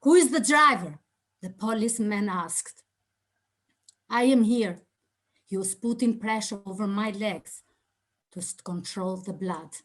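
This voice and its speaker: A middle-aged woman giving a motivational contest speech, telling her story theatrically and swinging between hushed lines and loud cries. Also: medium pitch, a little slow, long pauses. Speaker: speaking contest speaker.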